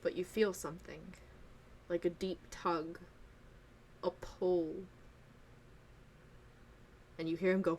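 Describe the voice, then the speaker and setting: A woman's voice: fairly low pitch, little pitch movement, unhurried, long pauses. A woman narrating a tabletop game as game master in a casual, rambling way full of fillers.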